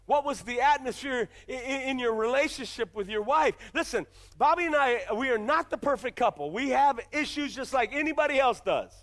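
A man's voice: extremely high pitch, lively intonation, brisk, few pauses, fairly bright tone. A man pastor preaching a sermon in a church, emphatic and full of repeated rhetorical questions.

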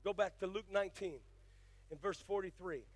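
An older male pastor preaching, moving from folksy storytelling into fiery, shouted exhortation. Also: high-pitched, moderate pace. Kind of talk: sermon.

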